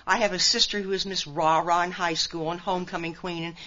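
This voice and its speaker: An older woman from Nebraska talks fast and folksy, speaking straight to a big crowd. Her voice is bright and forceful. The recording sounds dull and lo-fi. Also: on the low side. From Nebraska, USA. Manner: folksy and animated, direct asides to listeners. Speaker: conference speaker. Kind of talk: recovery talk to a large audience.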